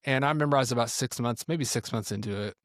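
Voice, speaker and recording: A man's voice: medium pitch, fast, no room sound, clean studio sound. A man who is a pastor and ministry teacher, telling stories in a podcast conversation and acting out what people said. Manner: animated storyteller acting out quotes.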